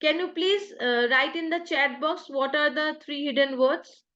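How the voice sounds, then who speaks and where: A woman's voice: sits high, moderate pace, pushed and bright, dull audio. A woman with an Indian English accent teaching an online design workshop over a video call, patiently explaining ideas step by step with examples. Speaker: workshop trainer.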